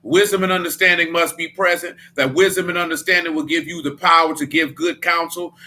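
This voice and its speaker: Blunt, bright-voiced man teaching scripture. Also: fairly high pitch. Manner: blunt, emphatic, slangy. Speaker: Bible study teacher. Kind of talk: casual Bible study preaching.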